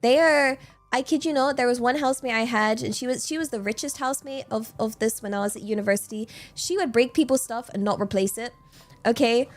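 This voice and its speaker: High-voiced young woman chatting incredulously. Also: a little fast. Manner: incredulous, laughing, loose and rambling with many fillers. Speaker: streamer. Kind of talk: casual chat storytelling.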